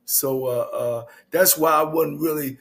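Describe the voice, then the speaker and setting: A man's voice: on the high side, fairly even intonation, measured pace, creaky, fairly bright tone. Brief: male co-host, easygoing football analysis, lots of "you know". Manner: easygoing, laid-back delivery with fillers. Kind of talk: casual sports talk.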